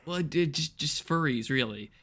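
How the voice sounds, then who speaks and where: A young man co-hosting a podcast, improvising an absurd story in a deadpan way. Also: on the high side, moderate pace, heavy background noise. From Canada. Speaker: podcast co-host.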